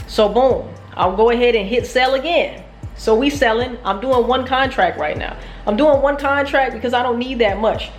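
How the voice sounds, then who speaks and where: A woman's voice: a little high, normal speed, roomy sound, faint music behind. A woman telling a casual, profane, self-mocking story about her day trading. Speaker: trading vlogger.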